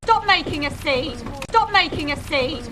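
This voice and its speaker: A woman's voice: sits high, lively intonation, measured pace. A woman with an emphatic, insistent delivery, playing a character in a film scene. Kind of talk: film dialogue clip.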